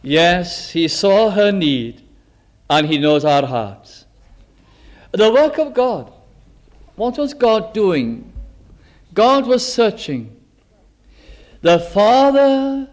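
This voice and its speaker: A man preaching a sermon, quoting scripture in old English and dropping his voice low and soft for emotional asides. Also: sing-song, slow pace, long pauses.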